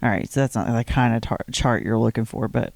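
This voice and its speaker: A woman's voice: rumbling low, fairly even intonation, a little fast, gravelly, darkish tone, no echo. A heavily pregnant woman co-hosting a podcast from bed at home, candid and outspoken in casual chat. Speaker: podcast co-host. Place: bedroom at home.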